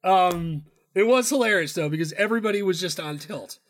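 A man's voice: high voice, lively intonation, fairly quick. A man co-hosting a casual sports betting chat, loose and profane, rambling with restarts. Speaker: podcast co-host.

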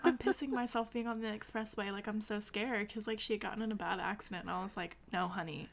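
A woman's voice: mid-range voice, steady tone, quick pace, creaky. A woman co-hosting a podcast, telling stories playfully and laughing often. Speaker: podcast co-host. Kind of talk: casual chat.

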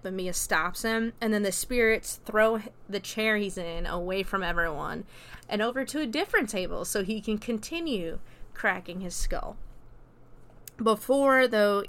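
A woman reviewer talks through a movie's plot in a relaxed, conversational way. Her delivery is rambling and filled with "like" and "you know", with casual profanity along the way. Her voice is smooth and clear, sitting at an ordinary pitch for a woman. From America. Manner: chatty, peppered with "like" and "you know", swears freely.

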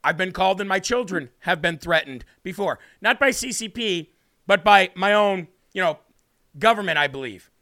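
A man hosting a political talk show, questioning his guest in an emphatic, forceful way. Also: sits high, animated, normal speed. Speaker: host.

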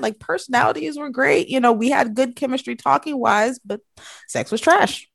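Woman, casual storytelling, gravelly fry, lively swooping pitch, dry close sound. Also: a little fast, no echo. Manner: animated storyteller, acts out quoted voices, swears freely. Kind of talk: casual chat.

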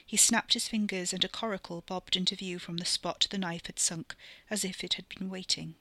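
Female podcast storyteller, steady expressive narration, bright tone, dry close mic. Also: on the low side, moderate pace, no echo.

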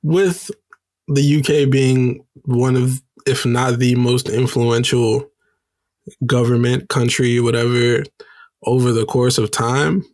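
A man co-hosting a podcast, chatting casually and thinking his points through out loud. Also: mid-range voice, little pitch movement, no room sound. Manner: slow, thoughtful, poses questions. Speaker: podcast co-host. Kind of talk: casual chat.

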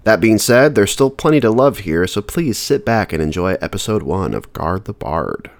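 A man's voice: lowish voice, very animated, moderate pace, creaky, dry recording. A man giving a friendly, upbeat podcast intro as a cast member and editor.

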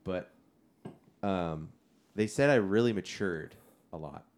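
A man's voice: sits low, slow. A young man co-hosting a podcast in easygoing casual chat, leading a card game and talking reflectively. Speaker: podcast co-host.

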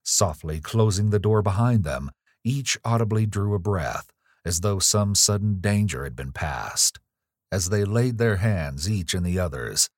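A man narrating a gothic ghost story in a measured, grave reading. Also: sits low, no room sound, studio quality.

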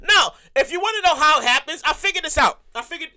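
A woman telling a casual storytime rant to her viewers, talking in an animated, exasperated way, repeating herself and swearing freely. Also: high voice, quick pace. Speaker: vlogger telling a work story.

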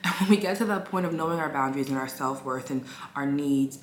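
A young woman giving a casual self-help talk, gentle and encouraging, with many fillers and restarts. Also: deep voice, fast talker. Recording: echoey room with faint hiss.

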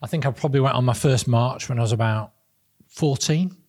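A man's voice: medium pitch, a little fast, a little mellow. A middle-aged man from the north west of England co-hosting a casual political podcast, chatty and laughing as he tells stories. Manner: chatty, laughs while telling anecdotes. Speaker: podcast co-host.

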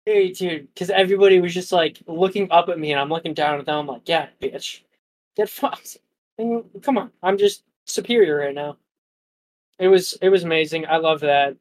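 High-voiced young man telling a story. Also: fairly quick. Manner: animated storyteller, profane slang. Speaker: podcast co-host. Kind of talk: casual chat.

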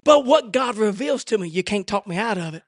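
A middle-aged man preaching an impassioned sermon, swinging between shouted fervor and hushed, intimate asides. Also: sits high, lively intonation, fairly quick, no echo, clean studio sound.

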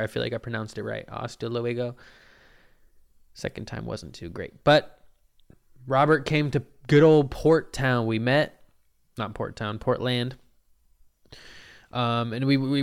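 A man hosting a casual solo podcast, telling a story in a profane, rambling, animated way with a phlegmy throat. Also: mid-range voice, gravelly, smooth. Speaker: podcast host. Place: Portland. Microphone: podcast mic.

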